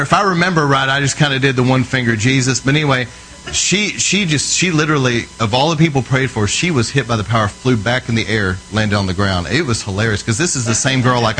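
A man with a mid-range voice preaches a sermon like he's telling a story in conversation, earnest and emphatic, frequently checking in with his listeners. The recording quality is low.

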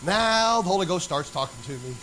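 Middle-aged preacher, animated storyteller, high and bright. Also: male voice, brisk, slight background noise, low-quality recording. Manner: animated storyteller acting out dialogue. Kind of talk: sermon storytelling.

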